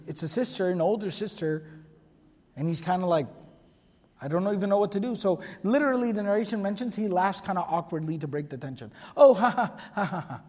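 A man's voice: high-pitched, darkish tone, long reverb tail. A man giving an earnest religious history lecture, explaining at length and quoting Arabic passages. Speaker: Islamic lecturer.

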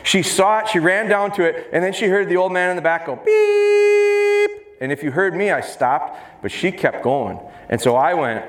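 A man who trains dogs, giving a live seminar and talking fast and jokingly with the crowd in a large hall. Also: high-pitched, a bit bright. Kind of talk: live seminar talk to an audience. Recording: roomy live hall sound, faint noise.

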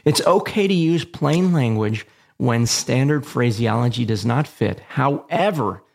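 A man hosting an instructional show on aviation radio communication, reading a measured, plain script with a dry touch of humor. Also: mid-range voice, animated, creaky, a little mellow. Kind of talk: scripted educational narration.

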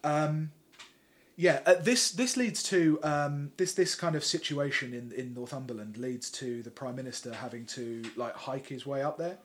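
A man co-hosting a podcast in casual chat, animated and sardonic, talking in long run-on sentences. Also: mid-range voice, normal speed. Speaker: podcast co-host.

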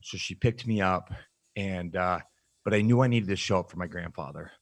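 A man with a very low voice tells his story candidly as an interview guest. He speaks in a reflective, halting way, and the sound is close and dry with no room echo. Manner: frank and reflective, halting with fillers. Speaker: podcast guest, nutrition coach.

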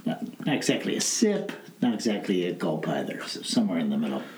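A man's voice: low voice, wildly swooping pitch, fairly quick. A man co-hosting a casual podcast in an easygoing, wry way. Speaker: podcast co-host. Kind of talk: casual chat. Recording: roomy recording with audible hiss.

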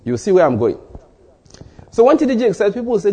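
A man preaching a sermon as pastor, telling stories and acting out short exchanges, with sudden rises in pitch for emphasis. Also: sing-song, quick pace, pauses often, warm tone, breathy edge. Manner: storytelling, acts out dialogue in asides.

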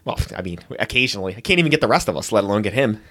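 A man's voice: fairly low pitch, expressive, rapid-fire, fairly bright tone. An American man co-hosting a podcast, chatting casually and teasing with jokes and silly voices. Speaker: podcast co-host. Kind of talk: casual chat.

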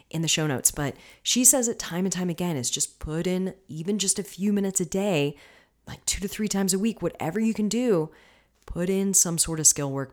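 A woman hosting her own podcast, talking casually and coaching her listeners, often checking in with them. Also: low-pitched. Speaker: podcast host. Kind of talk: casual solo podcast talk.

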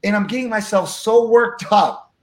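Animated high-voiced man telling a story. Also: normal speed, reverberant. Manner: animated, acts out dialogue. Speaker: guest speaker. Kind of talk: storytelling in an interview.

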